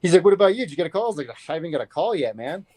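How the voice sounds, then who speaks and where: A man's voice: fairly high pitch, big pitch swings, very fast, a little mellow, no echo. A man in his thirties telling a story casually in an interview, loose and profane, acting out what people said. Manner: loose, profane, acts out quotes. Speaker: fighter being interviewed.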